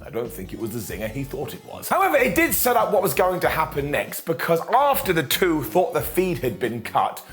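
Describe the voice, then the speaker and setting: A man's voice: on the high side, wildly swooping pitch, brisk, few pauses, fairly bright tone, faint music behind. A man reviewing a wrestling show in a joking, sarcastic way, often quoting people in mock voices. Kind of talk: animated wrestling recap.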